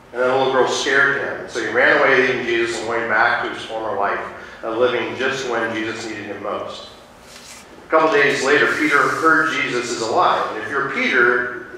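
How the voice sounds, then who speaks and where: A male pastor delivers a storytelling sermon, wandering through his points with frequent fillers and restarts. His voice is mid-pitched and bright. He is picked up from a distance in a very echoey sanctuary, with faint noise behind. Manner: rambling, with many fillers and restarts. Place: church sanctuary. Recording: distant mic in an echoey church.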